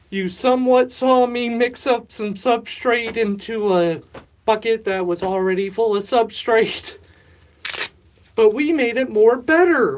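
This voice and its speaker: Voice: medium pitch, slight background noise. A livestream host chatting casually with viewers, rambling and poking fun at themself while working on a home mushroom setup. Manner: rambling, chatty, self-mocking, talks to chat.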